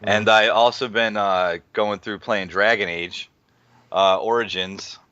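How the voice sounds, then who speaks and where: A man's voice: lowish voice, steady tone, a little slow, sharp tone, smooth, no echo. A young man in his twenties co-hosting a gaming podcast, laid-back and swearing casually. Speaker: podcast co-host. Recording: dull dry mic.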